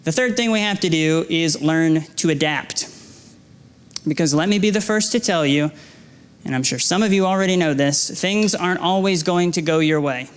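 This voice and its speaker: A man's voice: high voice, clean tone. A young adult man preaching a sermon as a guest speaker, earnest and exhorting, with repeated phrases, stammered restarts and self-deprecating stories. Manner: restarts and stammers when emphasizing. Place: church sanctuary.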